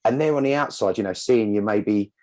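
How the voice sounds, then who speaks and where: A man's voice: fairly low pitch, brisk, a little mellow, rough recording. A man, a singer guest on a podcast, talking in a laid-back way, laughing easily and calling the host mate. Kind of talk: casual interview chat.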